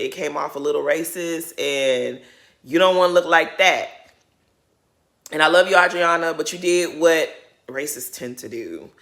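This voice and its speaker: A woman's voice: deep voice, fairly bright tone. A woman hosting a casual TV recap, sassy and emphatic, repeating her points. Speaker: recap host.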